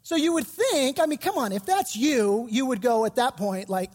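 A man's voice: very high voice, expressive, normal speed, few pauses, a little mellow, long reverb tail. A man pastor giving a sermon, retelling scripture in casual, slangy storytelling.

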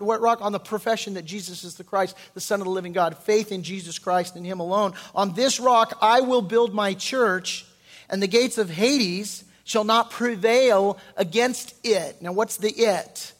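Male pastor with a high-ish voice; preaches in a relaxed, conversational way, slowing down to read scripture. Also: long reverb tail. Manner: reads scripture slowly, then explains it in casual, animated asides. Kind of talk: expository sermon.

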